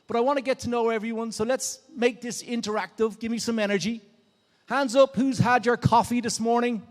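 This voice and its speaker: An Irish man from Dublin giving an energetic, interactive keynote on stage at a conference, drawing the crowd in with show-of-hands questions. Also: high voice. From Dublin, Ireland. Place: large conference hall on stage. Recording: long reverb of a big hall.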